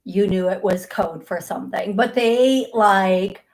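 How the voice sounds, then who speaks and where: Woman, middle-aged, unhurried, chatty show host, loose and rambling. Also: mid-range voice, low-quality recording. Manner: chatty, laughs easily, many restarts and fillers. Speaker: psychic medium show host. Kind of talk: live call-in show talk.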